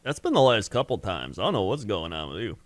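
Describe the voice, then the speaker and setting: A man's voice: lowish voice, very animated, fast, dry recording, clean studio sound. A man co-hosting a podcast in casual chat, teasing his partner and laughing often. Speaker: podcast co-host.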